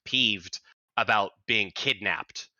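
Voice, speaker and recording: A man narrating as game master in an animated, descriptive way. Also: on the low side, slow pace, dry recording, lo-fi sound.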